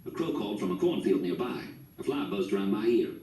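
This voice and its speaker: Mellow man narrating a story. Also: on the low side, animated, fast. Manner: folksy storytelling. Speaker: audiobook narrator. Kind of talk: first-person storybook narration. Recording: roomy, distant mic.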